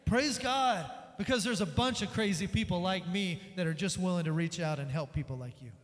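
A man preaching a sermon as pastor, energetic, acting out the voices in the story he tells. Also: high-pitched, brisk. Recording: long reverb of a large hall.

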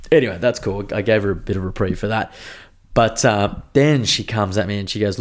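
Man, Australian accent, podcast host, casual monologue, sweary ranting, lowish pitch. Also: fast talker.

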